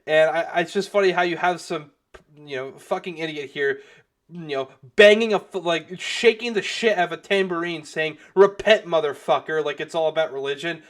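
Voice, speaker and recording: A young man with a fairly high voice talks through a video in loose, casual commentary. He rambles, leans on filler phrases, restarts his sentences and swears freely. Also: normal speed, a bit bright. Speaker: commentary youtuber.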